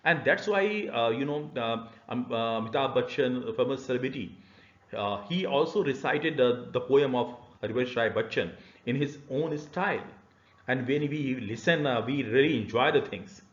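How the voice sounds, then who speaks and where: Man, e-learning lecture, halting delivery full of fillers, echoey room, a bit muffled. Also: mid-range voice. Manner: hesitant, many "uh" fillers, explanatory. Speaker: university lecturer. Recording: roomy, slightly dull lecture recording.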